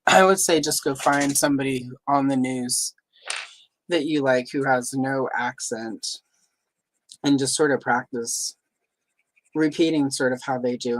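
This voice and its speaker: A woman's voice: very deep voice, no echo, low-quality recording. A woman from the Southern United States who has no accent, chatting casually and rambling as a livestream host. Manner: chatty, rambling, many fillers. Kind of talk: casual chat.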